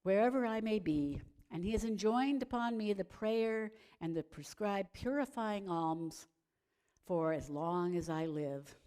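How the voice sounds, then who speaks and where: A woman reciting the words of an infant prophet in a story, in a measured, solemn way. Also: medium pitch, mellow, smooth, natural voice.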